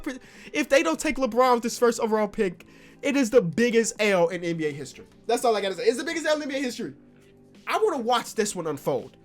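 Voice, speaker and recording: A man giving excitable gaming commentary as a basketball YouTuber, now and then bursting into loud shouts. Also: extremely high pitch.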